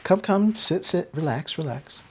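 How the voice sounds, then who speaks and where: A man's voice: mid-range voice, animated, unhurried. A man voicing a kindly older woman who fusses over a shaken teen and repeats her words in twos and threes. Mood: coaxing.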